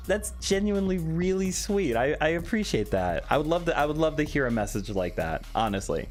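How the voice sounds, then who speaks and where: A man's voice: fairly high pitch, big pitch swings, brisk, few pauses. A young man casually chatting on a live stream, reading chat aloud with a joking, candid manner. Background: faint background music.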